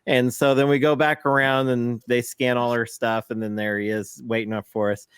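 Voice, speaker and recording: A man's voice: medium pitch, flat delivery, clean tone, dry recording. Male podcast co-host, rambling anecdotal delivery, easy laughs, dry close sound. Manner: rambling storyteller, many fillers and quick laughs. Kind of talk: casual chat.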